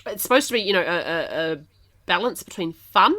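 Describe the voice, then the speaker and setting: Quick animated woman podcaster. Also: on the low side. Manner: quick, animated, laughs often. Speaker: podcast host, game developer. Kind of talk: casual podcast chat.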